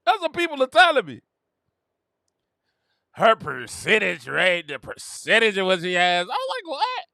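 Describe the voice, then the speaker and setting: A man hosting a sports talk show, chatting casually, laughing often and breaking into high, mocking quotes. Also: very animated, measured pace, gravelly, sharp tone, dry recording, studio quality. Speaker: podcast host. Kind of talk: casual sports commentary monologue.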